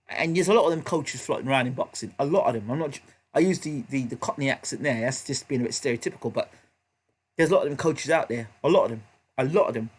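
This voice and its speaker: A man's voice: fairly high pitch, breathy edge. A man hosting a live boxing reaction stream, emphatic and repetitive, often checking in with his audience. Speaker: vlog host.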